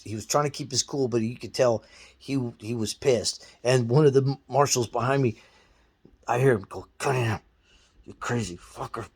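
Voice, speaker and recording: A man telling a story in blunt, profane, animated casual talk. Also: mid-range voice. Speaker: guest storyteller.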